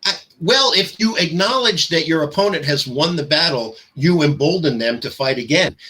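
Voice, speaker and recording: A man's voice: fairly high pitch, lively intonation, normal speed, pushed and bright. A man hosting a casual political chat, combative and profane, getting heated as he argues. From New York. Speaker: host.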